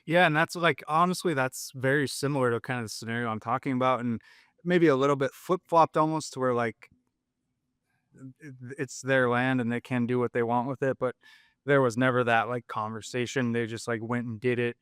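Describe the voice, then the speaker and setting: A man's voice: mid-range voice, fairly quick, a bit bright, clean tone, no room sound, clean studio sound. A man talking as a guest on a podcast, hesitant with many fillers and holding back frustration. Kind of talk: casual podcast chat.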